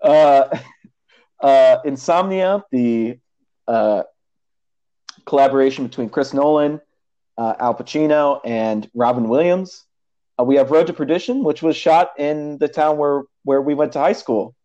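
A man's voice: mid-range voice, unhurried, dark tone. A young man co-hosting a podcast, chatting casually and rambling with frequent laughs. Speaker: podcast co-host. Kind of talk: casual chat. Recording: dull lo-fi audio.

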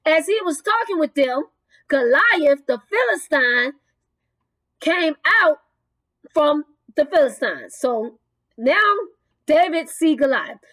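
A woman's voice: high-pitched, lively intonation, slow pace, pauses often, a bit bright, no echo, poor audio. A woman retelling a Bible story, exclaiming and firing off rhetorical questions between casual asides. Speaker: bible teacher. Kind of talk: lively bible story teaching.

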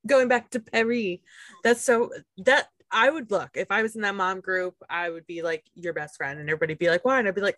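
A woman's voice: medium pitch, fairly quick, fairly bright tone, no echo. A woman hosting a podcast interview, enthusiastic and swearing casually. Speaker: podcast host.

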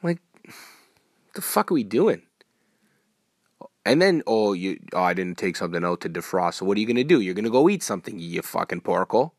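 A man hosting a solo podcast, ranting in a profane, rambling way with sudden loud outbursts. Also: on the low side, big pitch swings, brisk, long pauses, dry recording, studio quality. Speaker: podcast host.

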